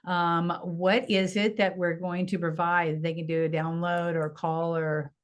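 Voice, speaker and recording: A woman's voice: on the low side, flat delivery, unhurried, smooth. A woman hosting a podcast interview, conversational and affirming. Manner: conversational, many affirming fillers. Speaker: podcast host.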